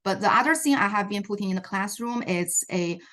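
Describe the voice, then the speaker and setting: A woman's voice: mid-range voice, expressive, brisk, pushed and bright. Woman presenting teaching strategies on a video call. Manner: explanatory, with frequent fillers and self-corrections. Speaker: Chinese language teacher presenting. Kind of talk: online teacher workshop presentation.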